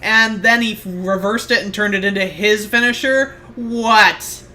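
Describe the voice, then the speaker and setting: A woman co-hosting a podcast, chatting casually about wrestling, excitable and laughing often as she acts out her own reactions. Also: mid-range voice, measured pace, slight background noise. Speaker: podcast co-host. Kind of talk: casual wrestling review chat.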